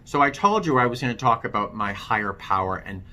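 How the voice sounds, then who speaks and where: A man's voice: lowish voice, animated, brisk, pushed and bright. A man vlogging his own recovery story, frank and self-deprecating, talking loosely with plenty of fillers. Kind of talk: candid personal storytelling to camera.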